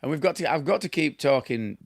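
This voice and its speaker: Here a former plasterer turned damp specialist, middle-aged with a broad Yorkshire accent, talks a little fast in a highish voice with lively intonation. Answering viewer questions casually, he meanders, laughs at his own expense and forgets where he was going. It's a dry, studio-quality recording.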